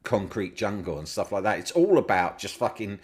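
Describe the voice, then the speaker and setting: Animated, sweary middle-aged Englishman. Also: fairly low pitch, fairly quick. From Britain. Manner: animated storyteller, swears freely, mimics his brother loudly. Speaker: podcast guest. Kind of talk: casual chat.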